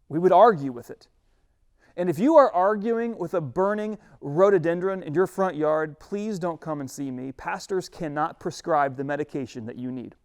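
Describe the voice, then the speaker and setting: A man's voice: fairly high pitch, a little mellow. A male pastor preaching a sermon in a humorous, conversational way.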